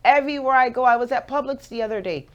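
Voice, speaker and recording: A woman in her forties with a Jamaican accent, hosting a radio show with playful, animated motivational talk. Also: high-pitched, fast talker, dull audio. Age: 40s.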